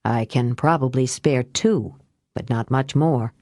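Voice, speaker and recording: A woman doing a soft soothing man. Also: extremely low pitch, measured pace, dry recording, studio quality, voice pushed down.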